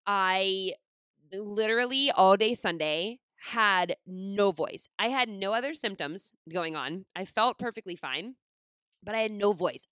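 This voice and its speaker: A woman in casual personal storytelling as a podcast host, chatty and rambling with lots of "like," and expressive, self-deprecating asides. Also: medium pitch, clean tone, no echo. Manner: chatty, rambling, heavy use of "like".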